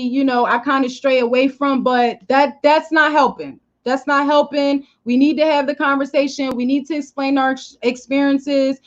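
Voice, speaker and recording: High-voiced animated woman livestreaming. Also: muffled recording. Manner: animated, emphatic, repeats "okay?" and "you know". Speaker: livestream host. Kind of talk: casual live-stream talk. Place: living room at home.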